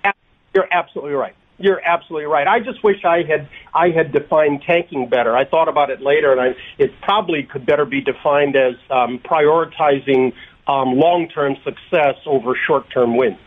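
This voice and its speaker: A man answering radio interview questions by phone, halting, with many ums and restarted phrases. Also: fairly high pitch. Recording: tinny phone line.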